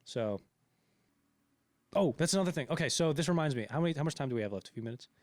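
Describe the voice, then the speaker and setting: A man's voice: fairly high pitch, expressive, fast talker, darkish tone. A man co-hosting a casual podcast about a film, rambling with lots of fillers and restarts. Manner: rambling, many fillers and restarts, acts out quotes. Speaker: podcast co-host.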